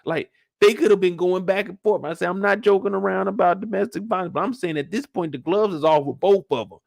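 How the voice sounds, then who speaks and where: A man's voice: high voice, a little fast, gravelly, dry recording, clean studio sound. A young adult man hosting a casual, slangy TV recap who acts out scenes as he goes. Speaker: show recap host.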